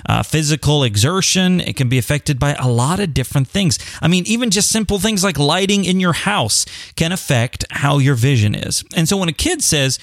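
A man's voice: a little high, moderate pace, few pauses, no room sound, studio quality. A young man talking casually about living with sight loss, often acting out the questions people ask him. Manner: animated, acts out quoted voices, chuckles often. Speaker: blind advocate speaking on sight loss. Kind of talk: casual solo talk to camera.

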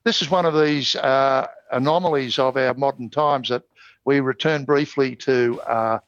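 An older Australian man as an interview guest, genial and measured, pausing to think. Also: mid-range voice, no room sound, highs cut off. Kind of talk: casual interview chat.

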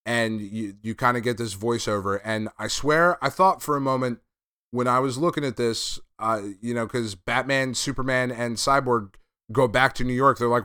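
A man's voice: mid-range voice, normal speed, bright, forceful tone, smooth, dry recording, clean studio sound. A man hosting a podcast, casually recapping and reviewing a comic, laid-back and a bit profane. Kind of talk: casual chat.

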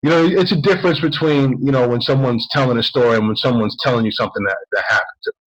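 Guy rambling thru a story on his podcast, voice not high not low. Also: fast talker, muffled recording. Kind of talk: casual storytelling chat.

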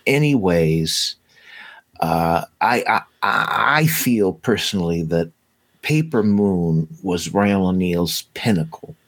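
Enthusiastic male co-host, unhurried, stumbles and restarts, dry booth sound. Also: deep voice, animated, no echo. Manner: enthusiastic, gushing, halting restarts. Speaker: co-host of a movie watch show. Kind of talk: casual chat.

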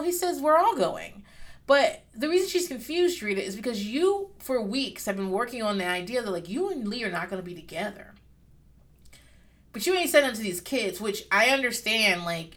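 A woman's voice: medium pitch, fairly bright tone. A woman talks casually as a podcast host, recapping a reality show. Her speech is loose and rambling. She swears often and breaks into laughter along the way. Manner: swears freely, rambling and candid, with bursts of laughter. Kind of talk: casual chat.

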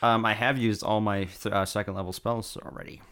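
Man, tabletop player, joking tone, slightly low pitch, casual chat. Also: fairly even intonation, a bit bright, clear, resonant tone. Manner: joking, quick asides.

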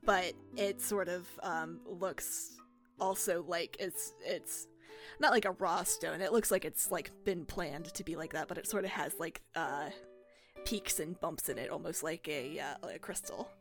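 A woman's voice: fairly low pitch, a little slow. Hedging woman with faint music behind. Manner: hedging, filler-heavy description. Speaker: tabletop game player. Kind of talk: casual tabletop role-play.

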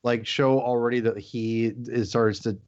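A man hosting a casual watch-along chat, animated and playful, often repeating himself. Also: medium pitch, unhurried, lo-fi sound.

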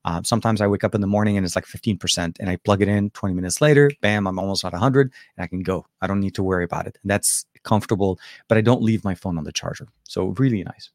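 Laid-back low-voiced tech show host. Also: male voice, fast talker, hardly any pauses, no room sound. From Lebanon. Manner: rambling, lots of fillers and restarts. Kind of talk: casual livestream chat answering viewer questions.

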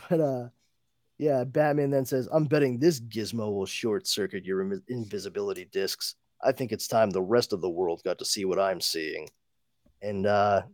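A man's voice: medium pitch, no echo. Guy recapping a comic on a podcast, laughs a lot, does the lines, dry close mic. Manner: animated, laughs often, acts out dialogue. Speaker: comic book podcast host. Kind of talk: casual chat, retelling a comic with voices.

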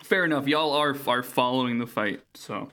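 A man's voice: medium pitch, normal speed, sharp tone. A man hosting a tabletop role-playing podcast, introducing players and often breaking into laughter. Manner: laughing, self-interrupting. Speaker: host. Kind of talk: actual-play podcast chat.

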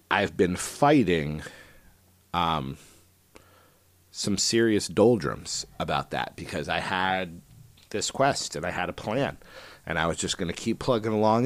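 A man with a lowish voice talks through his solo podcast in a loose, rambling way, full of ums and false starts. The sound is dry and close, with no room around it. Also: dry recording. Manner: rambling, self-deprecating, many fillers. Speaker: podcast host. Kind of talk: casual solo podcast chat.

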